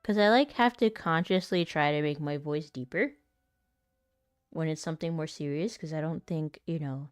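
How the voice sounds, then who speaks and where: A woman's voice: low-pitched, moderate pace, clean tone, dry recording, studio quality, faint music behind. A woman voice actor chatting casually while she rehearses, rambling, self-deprecating and laughing often. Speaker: voice actor and content creator.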